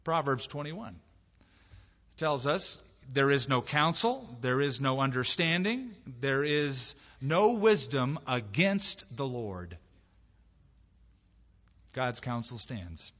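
A male pastor preaching in a lively, conversational way, leaning hard on key words and slipping into quoted voices. His mid-pitched voice carries a long reverb from a large hall. The recording sounds dull and muffled. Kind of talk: sermon. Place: church sanctuary.

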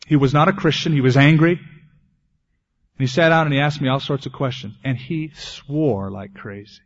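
A man preaching a sermon as pastor, earnest, ending in a quiet prayer. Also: a little high, fairly even intonation, brisk. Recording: dull lo-fi 1980s tape.

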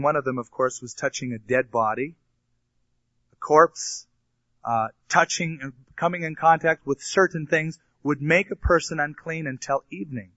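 A man's voice: on the high side, fairly bright tone, dry recording, lo-fi sound. A male pastor teaching a Bible passage, reading scripture aloud and then explaining it in plain, casual asides. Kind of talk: expository Bible sermon.

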